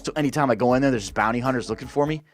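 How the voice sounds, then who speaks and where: A man's voice: mid-range voice, racing. A man hosting a gaming channel, ranting casually and profanely, exasperated and full of restarts.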